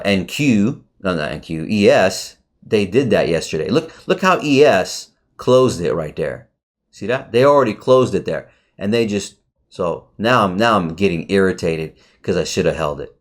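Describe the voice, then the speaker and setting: A man talking casually through a trade review on his charts, excitable and swearing often, with sudden jumps in pitch. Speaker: trading educator.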